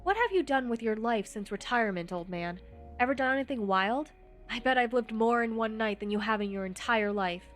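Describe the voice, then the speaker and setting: A woman's voice: fairly high pitch, animated, a little fast, faint music behind, natural voice. A woman reading a cocky, taunting young man. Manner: taunting, boastful.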